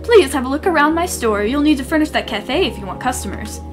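A woman voicing a smooth, scheming female shopkeeper, speaking suavely, lower and quieter. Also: lively intonation, fast talker, over music.

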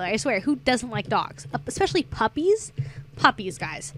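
A woman's voice: on the high side, sing-song, moderate pace, fairly bright tone, slight background noise. A young adult woman streamer chatting casually while gaming, rambling through a story and getting sidetracked by the game.

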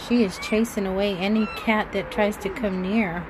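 A woman's voice: mid-range voice, steady tone, moderate pace, hardly any pauses, background noise. Woman vlogger soothing a cat outdoors. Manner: soothing, talks softly to a birthing cat. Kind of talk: casual vlog talk to viewers. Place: backyard outdoors. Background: cats meowing.

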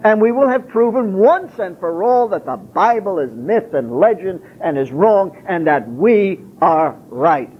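A man's voice: high voice, sing-song, a little slow, few pauses, a little hiss or hum. A man giving an emphatic public lecture, posing rhetorical questions and answering them himself. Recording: tinny lo-fi phone-like recording.

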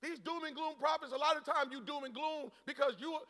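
A pastor from Boston preaching a sermon to his church, moving from quiet storytelling to shouted exhortation. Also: very high-pitched, fairly even intonation, a little fast, big-room sound. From Boston, United States. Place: church auditorium.

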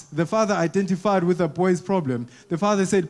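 Higher-voiced man preaching to a congregation. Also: brisk, hardly any pauses, darkish tone. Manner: repeats words, asks the congregation questions. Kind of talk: conversational sermon. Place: church, before a congregation. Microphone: wearing a mic.

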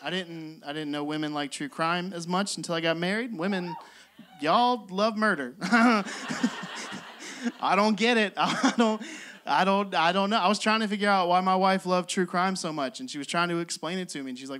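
Stand-up guy, young, high and bright tone, exasperated self-deprecating bits, stage mic in a club. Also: moderate pace. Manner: exasperated, self-mocking storytelling with frequent laughs. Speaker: stand-up comedian. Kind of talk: stand-up comedy set. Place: comedy club stage with live audience.

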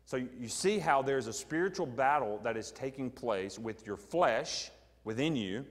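A man's voice: mid-range voice, lively intonation, a little slow, in a large hall. A middle-aged man with a Southern American accent, a pastor teaching an evening Bible sermon in a conversational way, asking the congregation questions and using frequent ums. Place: church sanctuary.

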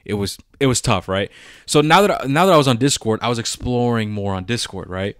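A young man co-hosts a podcast in a medium-pitched voice, talking a little fast on a dry, clean studio recording. He chats casually and tells stories with real animation, laughing often and swearing a lot.

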